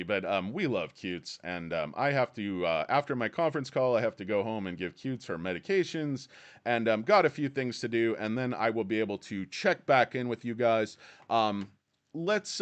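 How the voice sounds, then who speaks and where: Rambling irreverent man streaming about stocks. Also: mid-range voice. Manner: rambling, irreverent, crude jokes. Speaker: live stream host. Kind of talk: casual stock market live stream. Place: his office.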